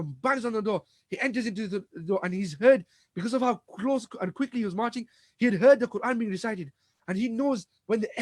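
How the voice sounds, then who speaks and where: A man with a high voice, recorded dry, gives a religious storytelling lecture as an Islamic lecturer. He retells events dramatically and acts out the dialogue, often restarting and repeating words.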